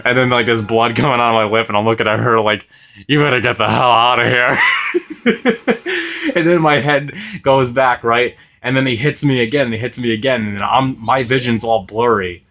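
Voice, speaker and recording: A man's voice: medium pitch, fairly even intonation, normal speed, fairly bright tone. Young man telling a profane story. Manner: profane, rambling, laughs often. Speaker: gaming video host. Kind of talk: casual storytelling while playing.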